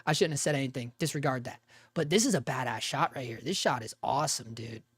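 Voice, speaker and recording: A man hosts a casual live stream in a fast, medium-pitched voice that's a bit bright and slightly rough, recorded with no room sound. Laid-back and profane, he laughs often and calls people dude and bro. His unusual voice is one he uses for cartoon work.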